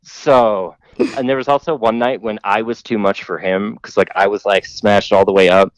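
A man's voice: fairly low pitch, fairly even intonation, moderate pace, clear, resonant tone, dry recording, rough recording. A man hosting a podcast, telling a long story in a rambling, profane way full of fillers. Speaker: podcast host telling stories. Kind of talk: casual storytelling.

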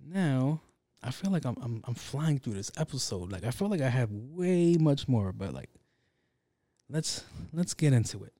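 A podcast host telling a story in a casual, rambling, profane and joking way, speaking into a studio mic. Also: male voice, medium pitch, very animated, normal speed, dark tone, no room sound. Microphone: handheld studio mic.

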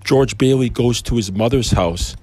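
Husky man preaching in a rambling way. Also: medium pitch, normal speed, a little mellow. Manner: rambling, conversational asides. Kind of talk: informal preaching.

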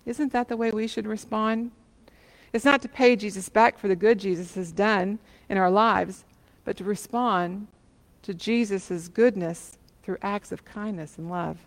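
A woman's voice: medium pitch, fairly even intonation, unhurried, in a large hall. A woman preacher telling a parable in a sermon, with many questions to the listeners.

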